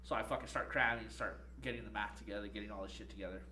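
A young man on a podcast telling a story in a casual, profane, animated way, laughing often. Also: fairly low pitch, rapid-fire, a little hiss or hum. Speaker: podcast co-host.

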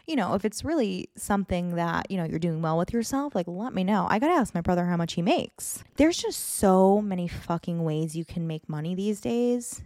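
A woman's voice: medium pitch, darkish tone, dry recording, clean studio sound. A young adult woman hosting a solo podcast episode, ranting bluntly and swearing often. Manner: blunt, profane, exasperated ranting. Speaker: podcast host.

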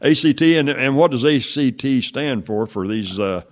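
A man's voice: mid-range voice, lively intonation, normal speed. A man hosting a casual interview, who backs his guest with short yeahs and amens. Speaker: host.

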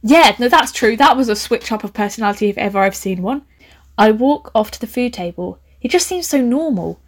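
A young woman reads a first-person story aloud. Her voice sits a little high, and she often stops to laugh and tease her own plot in a playful, camp way. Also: animated, brisk. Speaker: host reading a story. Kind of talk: reading a story aloud with comic asides.

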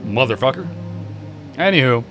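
Young male comedy co-host; brash, crude storyteller with an animated voice. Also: mid-range voice, moderate pace. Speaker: podcast co-host. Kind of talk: casual comedic chat.

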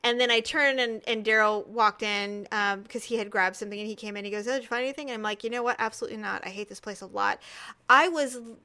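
A middle-aged woman co-hosting a casual chat, telling animated stories and laughing easily. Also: on the high side, clean tone. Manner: animated storyteller, quick to laugh. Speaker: podcast co-host.

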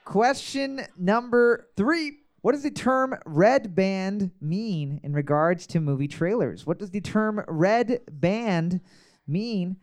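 A man's voice: sits high, slow pace. A man hosting a casual trivia night, joking crudely and reading each question twice. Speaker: trivia quizmaster.

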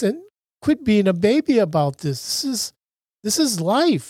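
A man voicing his gruff, blunt father, who curses and scolds his crying son. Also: a little high, a little mellow, no room sound, studio quality.

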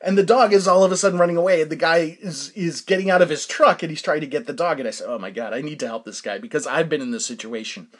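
A man's voice: fairly high pitch, fast, few pauses. A man hosting a podcast, telling a story in a casual chatty way, laughing often and stumbling over fillers and restarts. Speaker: podcast host.

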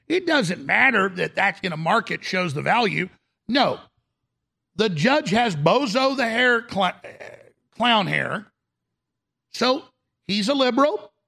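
Male talk radio host, indignant ranter, high, gravelly and husky. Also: bright, forceful tone. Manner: indignant, ranting, mocking.

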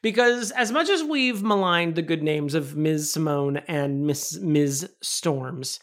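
Sarcastic woman podcaster, animated. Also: sits low, slow. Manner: animated, sarcastic, swings into exaggerated mocking quotes. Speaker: podcast co-host. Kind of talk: casual movie review chat.

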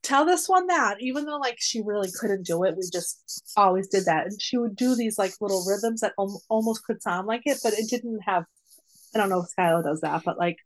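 A woman in her forties, appearing as a guest and the mother of a nonverbal daughter, tells a long personal story in a rambling way packed with "like" fillers. She becomes animated when quoting people in lively asides. Her voice is medium-pitched and brisk, and the recording quality is low.

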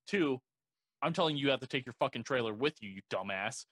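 Young guy ranting about his security job, swears a lot, says like constantly, mid pitch, dry room. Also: expressive, fast talker, fairly bright tone, no room sound. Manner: profane, blunt, rambling with many "like"s. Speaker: security guard telling a work story. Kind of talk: casual podcast chat.

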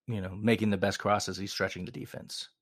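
Male co-host, meandering casual talker, lowish voice. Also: fairly even intonation, a little fast, no room sound, clean studio sound. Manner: rambling, with frequent restarts and chuckles. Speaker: podcast co-host. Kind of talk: casual chat.

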